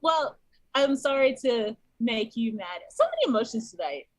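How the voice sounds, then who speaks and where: A woman's voice: on the high side, big pitch swings, moderate pace, no room sound. A woman guest on a podcast, telling her thoughts hesitantly with many fillers in casual chat.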